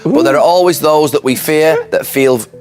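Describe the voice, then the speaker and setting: A man's voice: a little high, normal speed, over music. A man co-hosting a podcast, chatting casually and laughing at himself as he reads mock adverts. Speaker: podcast co-host.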